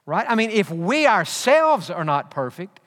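A man's voice: high-pitched, sing-song, measured pace, fairly bright tone. A man preaching a sermon as pastor, earnest and repetitive, often restarting his phrases. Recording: long hall reverb.

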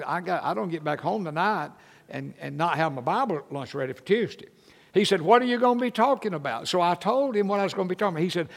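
An older pastor tells stories from the pulpit in a folksy, self-deprecating way. His voice sits high and carries a gravelly edge. The sound rings with the long reverb of a large hall. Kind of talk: sermon.

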